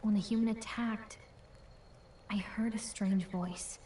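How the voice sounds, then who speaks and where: A woman's voice: medium pitch, fairly even intonation, slow, mellow, slight background noise, close to an everyday voice. An actress playing a friendly, teasing young female companion and guide in a game. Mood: concerned. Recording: roomy distant game audio with faint ambience.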